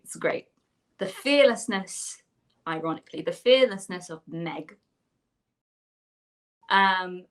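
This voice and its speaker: A woman's voice: fairly low pitch, fairly bright tone. A woman talks eagerly and at length, jumping from thought to thought. She is a panel guest speaking over a video call. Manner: enthusiastic, chatty, rambling.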